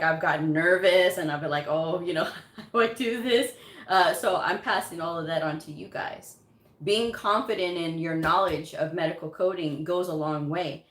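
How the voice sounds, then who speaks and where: A woman hosting a casual live chat on her channel, giving career advice on medical coding. She speaks emphatically, repeats her points and chuckles often. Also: lowish voice. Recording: roomy echo.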